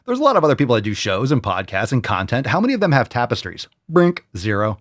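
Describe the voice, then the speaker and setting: A man's voice: mid-range voice, big pitch swings, a little fast, no echo, clean studio sound. A man hosting a fitness podcast, talking bluntly with plenty of swearing and a mock-salesy streak. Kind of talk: casual podcast monologue.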